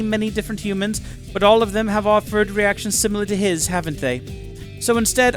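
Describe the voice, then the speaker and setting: A man doing a curious alien researcher who talks in stiff, overly formal phrases and keeps tacking on questions. The voice sits high and light. Faint music plays underneath. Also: close to an everyday voice.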